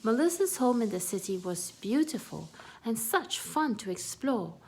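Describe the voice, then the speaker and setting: A woman reading a children's storybook aloud in a soft, gentle manner. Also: a little high, big pitch swings, normal speed, slight background noise.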